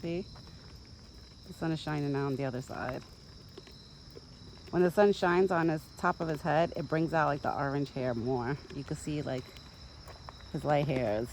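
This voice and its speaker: A young woman with a low, slightly mellow voice talks unhurriedly to her phone camera, pausing often, as she feeds a backyard deer in a rural yard. She rambles and speaks fondly to the animal. Insects and countryside sounds add slight background noise to the poor audio.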